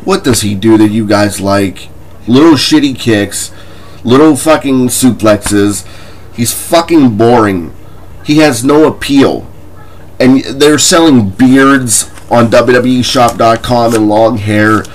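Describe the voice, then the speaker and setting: A man of ordinary middle pitch delivers a combative wrestling-commentary rant. He swears freely and mocks the people he argues against, and scoffing laughs break up his points. Faint noise sits under the voice. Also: slow, low-quality recording. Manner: profane, combative, mocking. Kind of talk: ranting commentary vlog.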